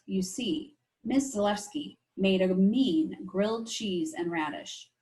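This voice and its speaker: A woman teacher reading a chapter book aloud to her class, expressive and stopping to explain things to the children. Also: mid-range voice, takes it slowly, poor audio. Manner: expressive, asides to young listeners.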